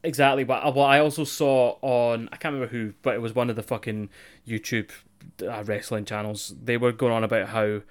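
A young man chatting casually, sweary and quick to laugh. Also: mid-range voice, steady tone. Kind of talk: casual chat.

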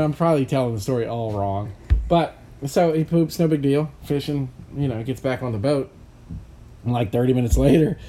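A man's voice: medium pitch, mellow, slight background noise. Rambling, laughing man. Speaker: podcast host. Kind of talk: casual chat, storytelling.

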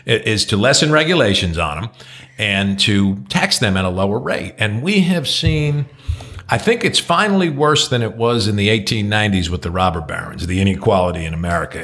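A man's voice: fairly low pitch, fairly bright tone. A middle-aged man from New Jersey co-hosting a podcast, giving blunt opinions in casual chat and swearing freely. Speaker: podcast co-host.

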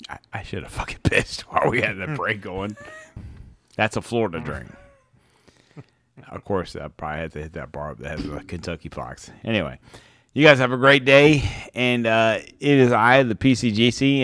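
A man's voice: fairly low pitch, lively intonation, moderate pace, a bit bright, dry recording. A man co-hosting a podcast in casual, laughing, rambling banter while drinking. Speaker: podcast co-host. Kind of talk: casual chat.

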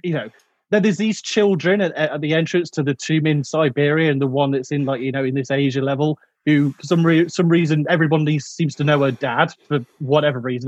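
A man's voice: fairly high pitch, no room sound, highs cut off. A man chatting casually about a film, rambling with many fillers and restarts. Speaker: podcast co-host.

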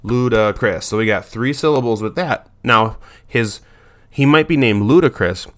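A man's voice: mid-range voice, normal speed. A young man who trains dogs, giving casual tips and talking in a rambling way with many restarts. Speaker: dog trainer. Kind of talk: casual instructional talk.

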